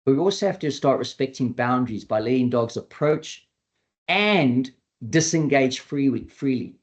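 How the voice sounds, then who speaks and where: A man's voice: mid-range voice, moderate pace. A man who trains dogs giving an earnest educational webinar talk, repeating his key points and acting out quoted dialogue. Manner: acts out quoted dialogue in a lively voice. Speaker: dog behavior trainer.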